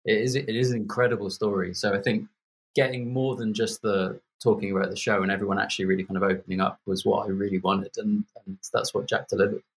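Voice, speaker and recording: A man's voice: on the low side, fairly even intonation, fast talker, husky. A man in his forties from Birmingham, a podcast guest chatting casually with lots of fillers and restarts. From Birmingham, England. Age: 40s. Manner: rambling, many fillers and restarts.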